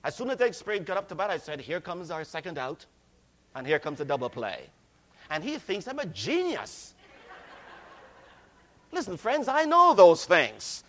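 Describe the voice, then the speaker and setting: A man preaching a sermon, slow and deliberate, stressing key words and calling his listeners friends. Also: high-pitched, very animated, fairly bright tone.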